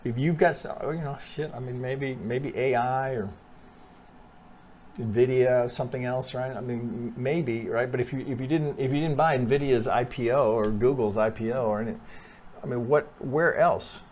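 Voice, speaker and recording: A man's voice: mid-range voice, steady tone, moderate pace, darkish tone, a little hiss or hum. A man talking casually through trading charts, thinking aloud with restarts, frequent "right?" and blunt swearing. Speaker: trading analyst. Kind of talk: casual chart analysis over screen share.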